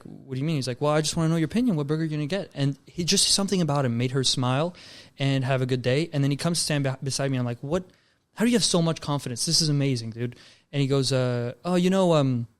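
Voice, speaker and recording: A young man from Canada talks fast in a smooth, clear voice. He spins a story like a podcast guest chatting with friends and tosses in "bro" and "dude" easily. His pitch sits in the middle. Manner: laid-back, calls people bro and dude. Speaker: guest filmmaker. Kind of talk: casual storytelling chat.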